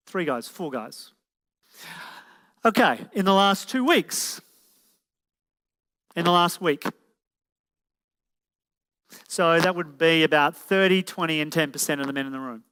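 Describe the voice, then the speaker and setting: A man's voice: a little high, lively intonation, measured pace, long pauses, bright, forceful tone, clean tone. A man presenting a relationship seminar to a live audience, putting direct questions to the room and calling for shows of hands. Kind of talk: motivational seminar talk. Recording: echoey hall.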